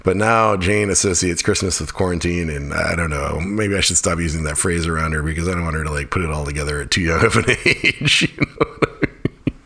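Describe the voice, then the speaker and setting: Deep, gravelly middle-aged man rambling. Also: brisk, sharp tone. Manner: rambling, chatty, swears casually. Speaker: podcast host. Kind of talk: casual solo monologue.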